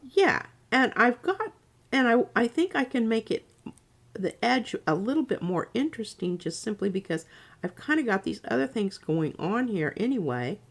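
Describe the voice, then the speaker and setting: Very animated and a little high, a woman artist talks through a casual livestream craft demo. Her speech is halting, and she often trails off mid-sentence while thinking aloud as she works.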